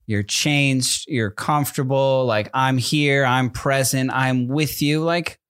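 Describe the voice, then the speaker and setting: A man's voice: mid-range voice, slow, fairly bright tone, clear, resonant tone, no room sound, studio quality. Rambling young man in casual chat. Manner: rambling, restarts a lot, leans heavily on "like" and "you know what I mean". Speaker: podcast co-host and father of infant twins.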